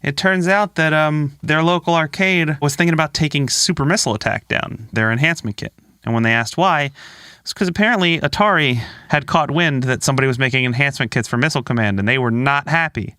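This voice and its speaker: A man's voice: a little high, fast talker, bright, forceful tone, clear, resonant tone, dry recording, studio quality. A man co-hosting a casual podcast, telling a story with jokes and swearing. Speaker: podcast co-host.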